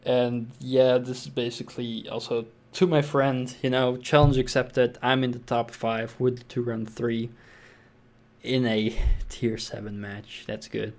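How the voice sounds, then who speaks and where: A man's voice: mid-range voice, level tone, measured pace, darkish tone. A young man casually commenting over his own tank game replay, thinking aloud with fillers and restarts. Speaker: gameplay commentator.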